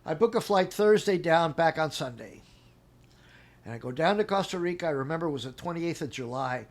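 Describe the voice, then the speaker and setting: A man's voice: on the high side, brisk. A middle-aged man telling a long personal story in casual talk, acting out what people said and laughing as he goes. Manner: animated, acts out quotes with laughs. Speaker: interview guest.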